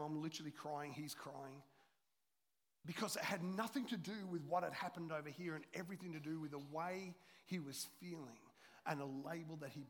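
A middle-aged man preaching a sermon as a pastor, swinging between loud urgency and hushed, intimate storytelling. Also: on the high side. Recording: long hall reverb.

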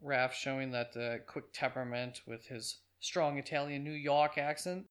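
A man's voice: medium pitch, level tone, moderate pace, a bit bright. A man narrating a casual film review with chatty, offhand asides.

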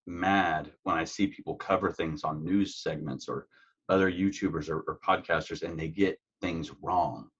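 Deep husky man, earnest. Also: fairly even intonation, moderate pace, highs cut off. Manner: earnest, heartfelt. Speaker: guest, true crime YouTuber. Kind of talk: conversational interview.

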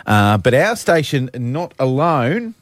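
A man's voice: mid-range voice, very animated, takes it slowly, dry recording. A man, co-hosting a casual radio show with dry joking asides. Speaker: radio co-host. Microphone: studio mic.

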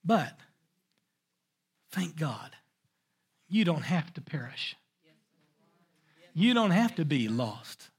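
A man preaching a sermon, emphatic and repeating his key phrases for weight. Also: high voice. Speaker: pastor.

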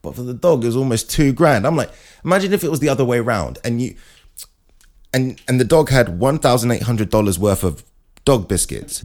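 A man hosting his own show, telling rambling comic stories in an animated way. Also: mid-range voice. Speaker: podcast host. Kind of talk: comic monologue.

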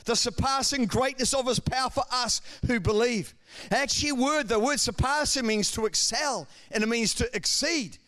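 A man preaching a sermon, with swings between calm speech and shouted, fervent passages. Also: very high-pitched, normal speed. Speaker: pastor.

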